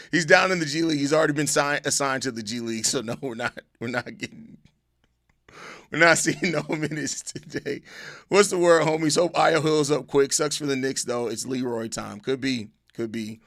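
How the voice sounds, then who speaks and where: A man hosts a live stream and answers viewer questions in loose, profane chat. His voice is raised somewhat, bright and edged with gravel. The sound is dry and close, with no room around it. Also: fairly high pitch, normal speed, no room sound. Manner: animated, mock outrage, swearing, repeated questions.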